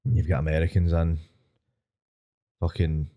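A man's voice: rumbling low, monotone, measured pace, dull audio. A Scottish man, a podcast co-host, teasing his friends in casual banter.

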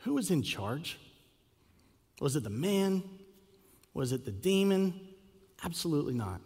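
Preacher telling a story in a reverberant church. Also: male voice, fairly high pitch, a little slow, slightly rough. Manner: animated storytelling with acted quotes and rhetorical questions. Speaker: pastor. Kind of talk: sermon. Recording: long hall reverb.

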